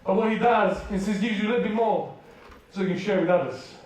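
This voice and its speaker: Man preaching, very high voice, animated storyteller, distant mic in a booming hall. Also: quick pace. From United Kingdom. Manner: animated, acts out voices, laughs often. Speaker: youth preacher. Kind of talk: storytelling sermon. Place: large hall at a school rally.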